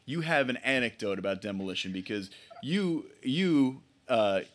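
A man's voice: medium pitch, animated, normal speed. A man co-hosting a podcast in casual chat, wry and joking, laughing often. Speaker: podcast co-host.

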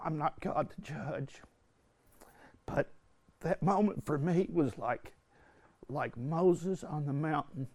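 An older man speaks earnestly to a retreat audience, his voice sitting a little high for a man. He tells a personal story in a halting way, circling back and restarting phrases. The sound is dry and close, with little room around it. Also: gravelly, warm tone, no room sound. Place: indoor retreat hall.

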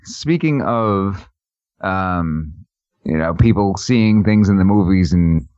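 A man hosting a casual podcast chat, joking and laughing often, with halting restarts. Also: low voice, animated, darkish tone, no room sound, dull audio. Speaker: podcast host.

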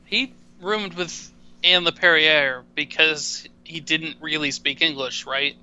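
Bright-voiced rambling man, muffled mic. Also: a little high, steady tone, takes it slowly, smooth. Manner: rambling, loses words, self-deprecating. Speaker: podcast co-host. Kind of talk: casual hockey chat. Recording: dull, muffled mic sound.

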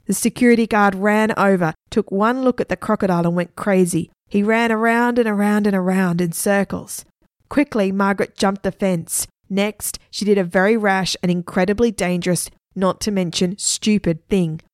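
A woman storyteller reading a children's adventure story aloud with lively expression. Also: mid-range voice, normal speed, dry recording, studio quality.

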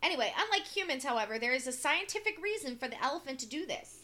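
A woman's voice: high voice, expressive, quick pace, sharp tone. A woman co-hosting a casual podcast chat, reading an article aloud and breaking off with dry asides.

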